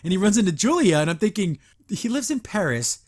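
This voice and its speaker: Chatty man with a higher voice. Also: a little fast. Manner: animated, chatty, laughs often, self-interrupting. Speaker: podcast host. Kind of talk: casual episode review.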